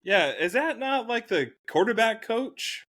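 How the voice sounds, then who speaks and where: A man's voice: sits high, very animated, a little slow, a bit bright. A man co-hosting a casual fantasy football chat, easygoing and agreeable, tossing in jokes. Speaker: fantasy football podcast co-host.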